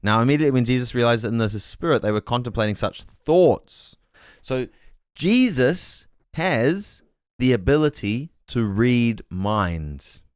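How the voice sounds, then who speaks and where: Man, casual bible talk on stream, reads chat aloud, thinks out loud, smooth resonant voice, dry close sound. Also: mid-range voice, lively intonation, measured pace, no echo. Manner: thinks aloud, corrects himself mid-sentence; reads chat messages aloud with puzzled asides.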